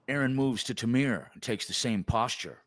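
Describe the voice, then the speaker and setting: A man hosting a podcast and reading stage directions for a comedy script with a lively, emphatic delivery. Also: medium pitch, normal speed. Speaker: podcast host.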